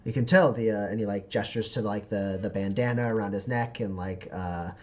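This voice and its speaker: A man narrating as game master of a tabletop game, halting with many fillers. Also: on the low side, steady tone. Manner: halting, lots of fillers and laughs.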